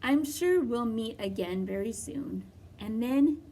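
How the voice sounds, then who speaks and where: A woman voicing a sly, smooth-talking male wolf in a storybook read-aloud, slow and silky. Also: fairly high pitch, lively intonation, mellow. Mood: scheming.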